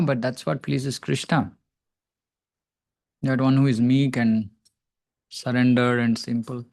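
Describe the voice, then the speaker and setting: A man leads a devotional scripture class, chanting Sanskrit verses and then reading out their translations. His voice sits at a middle pitch. He speaks reflectively and humbly, often stopping to search for the next word. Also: darkish tone, no room sound. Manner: self-deprecating.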